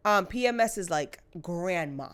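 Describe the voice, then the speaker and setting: A young woman co-hosting a podcast in casual chat, frank and blunt, swearing freely and talking in quick bursts. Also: lowish voice, animated, clear, resonant tone. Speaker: podcast co-host.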